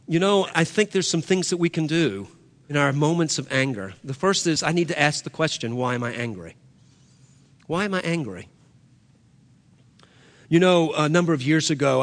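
Earnest pastor preaching in a reverberant hall. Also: male voice, on the high side. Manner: earnest, repeats phrases, stumbles and restarts. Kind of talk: sermon.

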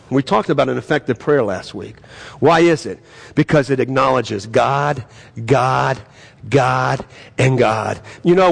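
A man preaching a sermon as pastor, asking the congregation direct questions and growing more fervent as he reads prayers aloud. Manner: impassioned preaching, rising in pitch and volume when reading prayers.

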